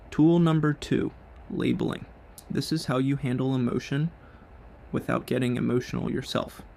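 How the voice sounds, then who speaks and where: A man's voice: mid-range voice, vocal fry, a little hiss or hum. A man hosting a show, delivering a scripted business monologue in blunt, punchy short sentences. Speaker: show host.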